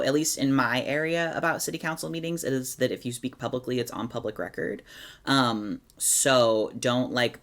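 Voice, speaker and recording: A woman's voice: very deep voice, fairly bright tone. A woman chatting casually on a live stream, reading chat aloud and giving organizing tips with sarcastic asides. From Oregon, USA.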